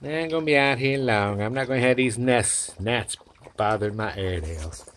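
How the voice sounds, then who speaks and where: A man's voice: mid-range voice, brisk, background noise. Man calling puppies on a porch. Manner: coaxing, sing-song calls to puppies. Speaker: dog breeder showing puppies. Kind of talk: casual chat to camera and puppies. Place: outdoors on a back porch.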